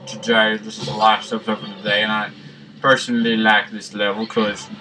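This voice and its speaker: A man giving rambling, jokey let's-play commentary that breaks into sudden excited yelps. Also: fairly low pitch, fairly quick, slight background noise, poor audio. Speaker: gaming channel host. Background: game music.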